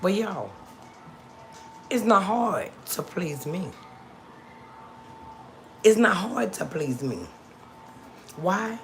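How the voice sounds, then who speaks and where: A woman's voice: fairly low pitch, creaky, a little hiss or hum. A middle-aged woman hosting a casual livestream, chatting to her viewers and repeating lines for emphasis, recorded on a phone. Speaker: livestream host.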